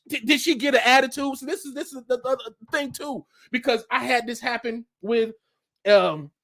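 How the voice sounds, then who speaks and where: A man with a notably high voice for his sex, talking in a loose, slangy way. He delivers a casual religious commentary monologue, animated and quick to laugh. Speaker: vlogger.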